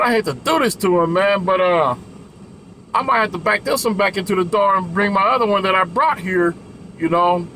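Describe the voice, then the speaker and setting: A man's voice: high voice, bright, forceful tone, slight background noise, low-quality recording. A man who drives trucks tells a story in a loose, casual way, swearing and laughing between his lines.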